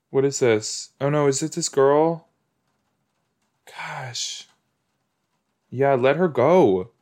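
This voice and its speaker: A man's voice: mid-range voice, extremely slow, long pauses, a little mellow. A man hosting a podcast, reacting aloud with gushing exclamations and laughs while watching a TV episode. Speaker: podcast host.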